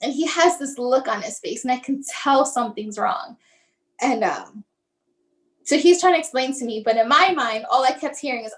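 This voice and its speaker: A woman's voice: high voice, moderate pace, low-quality recording. A woman guest recounting a personal family story in a conversational, emotional way, acting out what others said and often restarting her sentences. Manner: conversational, acts out what others said, many fillers like "like"; fragmented, restarting phrasing under emotion. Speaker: guest, mother sharing her son's story.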